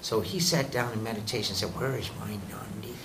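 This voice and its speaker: A man telling sacred stories to a group in an unhurried way, acting out the characters' lines and chuckling now and then. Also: on the low side, fairly even intonation, background noise. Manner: unhurried, voices characters in quotes, chuckles often. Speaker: spiritual teacher telling stories. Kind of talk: storytelling talk to a group.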